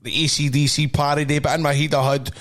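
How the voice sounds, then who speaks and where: A man's voice: a little high, flat delivery, fast talker. A Scottish man hosting a podcast, telling rambling, swearing stories in casual banter with lots of laughing. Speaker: podcast host.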